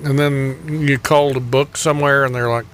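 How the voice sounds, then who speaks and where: A male radio host with a bright, forceful voice who keeps things easygoing. He asks leading questions and laughs along with his guests, with a faint hiss underneath. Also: mid-range voice, fairly even intonation, normal speed. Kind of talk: casual interview chat.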